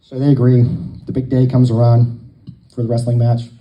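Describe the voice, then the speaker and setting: A man's voice: mid-range voice, monotone, normal speed, lo-fi sound. A man telling long jokes to a live crowd, a folksy storyteller who acts out the dialogue.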